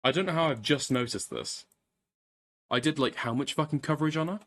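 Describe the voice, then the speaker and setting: A man's voice: fairly high pitch, brisk, fairly bright tone. A man casually commenting on a live stream, swearing and rambling as he repeats himself.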